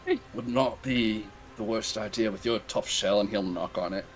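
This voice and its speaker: Low-voiced man, tabletop player. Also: normal speed. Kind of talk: casual tabletop chat.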